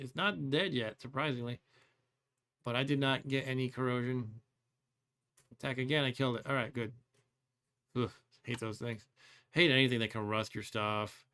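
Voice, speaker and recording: A man's voice: mid-range voice, fairly bright tone, smooth. A man hosting a let's play, thinking aloud as he plays, musing and second-guessing himself with wry complaints and frequent chuckles. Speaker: host.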